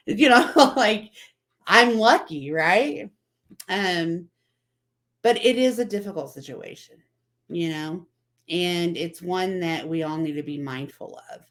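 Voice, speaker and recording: A woman's voice: lowish voice, expressive, unhurried, fairly bright tone. A woman hosting a casual motivational talk, chatting and repeating herself as she quotes other people. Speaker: vlog host.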